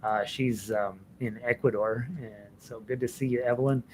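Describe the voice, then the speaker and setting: A man's voice: mid-range voice, fairly even intonation, moderate pace, darkish tone, slight background noise. A middle-aged man hosting an online ukulele class, reading viewer comments in a rambling, chatty way with fillers and restarts. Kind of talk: casual live-stream chat reading viewer comments.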